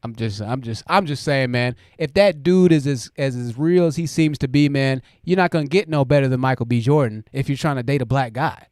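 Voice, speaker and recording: A man's voice: mid-range voice, a little fast, hardly any pauses, a little mellow, no room sound, studio quality. A man hosting a livestream, giving blunt commentary and talking straight to his chat. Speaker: host.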